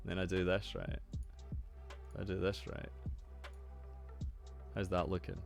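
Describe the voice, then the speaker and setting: A young man hosting a casual live stream, excitable, swearing freely and greeting his chat. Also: low voice, slow pace, creaky, pauses often. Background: faint lo-fi music.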